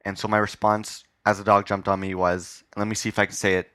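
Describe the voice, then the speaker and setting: Man, podcast host, fairly low voice, rambling, self-mocking, live stage, dry sound. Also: flat delivery, quick pace, pushed and bright, no echo. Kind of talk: casual live interview. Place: live stage before an audience.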